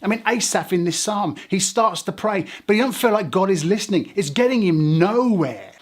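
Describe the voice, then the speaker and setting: A man's voice: high voice, lively intonation, moderate pace. An English man preaching a sermon as a pastor, earnest and conversational, asking rhetorical questions.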